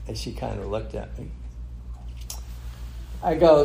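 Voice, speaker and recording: Animated, slow-telling man pastor. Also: mid-range voice, creaky, slight background noise. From California, USA. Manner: animated anecdotal delivery, acts out both sides of a dialogue. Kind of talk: sermon storytelling.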